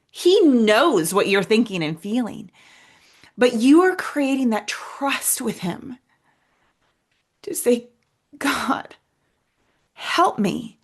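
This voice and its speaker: Woman podcast host, faith-based motivational talk, earnest and emphatic, fairly high voice, often calls her listeners "you guys.". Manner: acts out inner voices and prayers, dropping to a soft hush.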